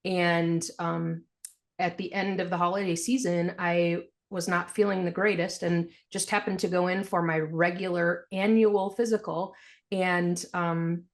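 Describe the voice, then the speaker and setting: A low-pitched woman with a gravelly texture speaks as a guest on a podcast. She tells her story frankly and with animation, laughing easily even through hard memories. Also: unhurried. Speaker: podcast guest, financial planner. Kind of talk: candid storytelling interview.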